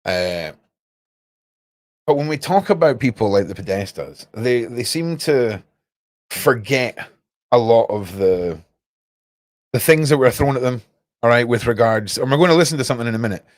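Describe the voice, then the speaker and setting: A man's voice: medium pitch, lively intonation, moderate pace, long pauses, no echo, studio quality. A young man hosting a livestream, rambling casually and talking straight to his chat viewers. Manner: rambling, cryptic, chats to viewers. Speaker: livestream host.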